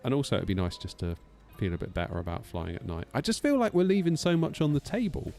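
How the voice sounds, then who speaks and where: A man's voice: mid-range voice, animated, fast talker, vocal fry, mellow, soft background music. A man streaming a flight sim, chatting casually, teasing himself and answering chat aloud. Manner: chatty, self-mocking, reads chat aloud.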